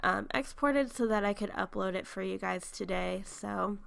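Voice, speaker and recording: A young YouTuber narrates a speed build over her game footage, just woken up and congested from a sinus infection. Her medium-pitched voice is fairly bright with some vocal fry, moving at a moderate pace, and she chats casually with lots of ums and little laughs.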